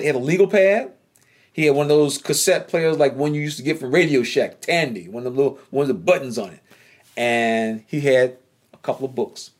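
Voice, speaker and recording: Southern man, casual storyteller, animated, repeats himself, mid-pitched. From North Carolina. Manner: animated, repeats phrases, voice jumps up when excited.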